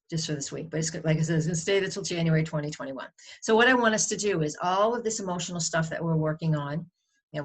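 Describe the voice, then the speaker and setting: A woman with a New England accent giving a weekly astrology forecast in a conversational, rambling way, often restarting her sentences. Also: sits low.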